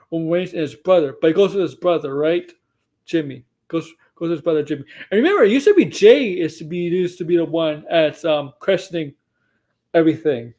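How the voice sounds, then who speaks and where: A man's voice: high-pitched, warm tone. A man casually recapping a wrestling show for his stream, rambling and often correcting himself mid-sentence. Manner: rambling, self-correcting, acts out quotes.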